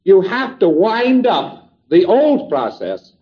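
A man's voice: high-pitched, huge pitch swings. Man lecturing on lo-fi old tape. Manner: deliberate, step-by-step explaining with quoted dialogue. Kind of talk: recorded lecture. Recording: dull lo-fi old tape recording.

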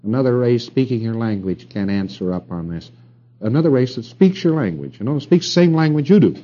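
A man's voice: medium pitch, animated, fairly quick, warm tone, highs cut off. A middle-aged man giving a rambling lecture to an audience, with wry asides and rhetorical questions.

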